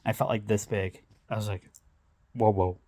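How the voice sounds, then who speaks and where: A man's voice: fairly low pitch, little pitch movement, a little fast, a little mellow, husky, no room sound. A man vlogger telling funny family stories in a rambling, profane way, often laughing as he goes. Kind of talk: casual storytelling.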